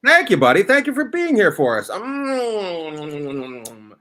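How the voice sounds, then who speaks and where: A man hosting a comedy panel game show over a video call, mock-grand and playful, swinging from big announcements to low asides. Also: huge pitch swings, fast talker, bright, forceful tone. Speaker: podcast host running a comedy game show.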